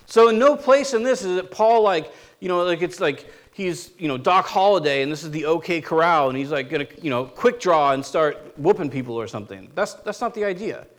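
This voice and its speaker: Male pastor, high speaking voice, casual sermon delivery full of rhetorical questions. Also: lively intonation, brisk, hardly any pauses. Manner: conversational preaching with rhetorical questions.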